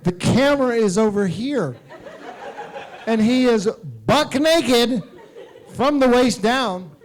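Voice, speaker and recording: A middle-aged American man from the United States, a guest actor telling animated, laughing anecdotes in an on-stage convention talk. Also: high-pitched.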